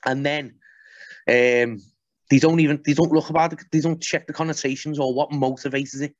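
A man's voice: fairly high pitch, fairly even intonation, moderate pace, no echo. Blunt, sweary man on a podcast. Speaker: podcast guest. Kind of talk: casual podcast chat. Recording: dull, muffled podcast audio.

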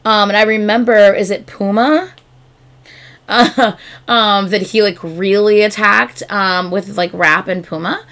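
A woman's voice: medium pitch, measured pace. Bubbly woman gushing over a video. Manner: excitable, gushing, many fillers. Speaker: reaction video host. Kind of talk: casual reaction commentary.

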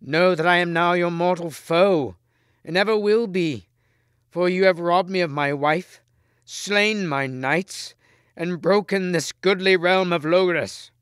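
A man voicing a wronged, furious old king who shouts his lines in a raised, strained voice. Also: medium pitch, lively intonation, unhurried, few pauses, clear, resonant tone, no echo, clean studio sound.

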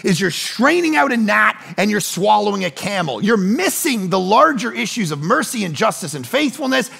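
A middle-aged man preaching a sermon as pastor, telling stories conversationally with quick asides and animated re-enactments of the people he quotes. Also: high-pitched, creaky, breathy edge. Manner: conversational storytelling with rapid asides.

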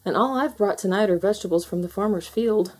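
A woman voicing a caring mother fox in a storybook, warm and reassuring. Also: mid-range voice, fast talker, a little hiss or hum, close to an everyday voice.

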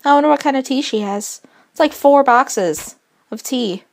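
A woman's voice: sits high, normal speed. A woman commenting casually as she plays a video game, with playful, wry asides. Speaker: let's play host. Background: faint game music.

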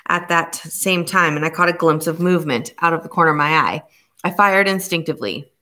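A woman voicing a bald man who talks quickly and defensively. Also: low voice, sharp tone.

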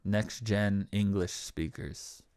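A man's voice: on the low side, fairly even intonation, slow, a little mellow, smooth. A man with an American accent co-hosting a podcast, joking and laughing often in casual banter. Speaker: podcast co-host.

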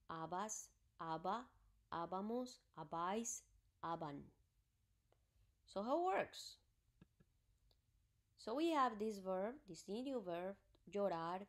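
A woman teaching a recorded grammar lesson, explaining patiently step by step and working through examples. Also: medium pitch. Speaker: Spanish teacher.

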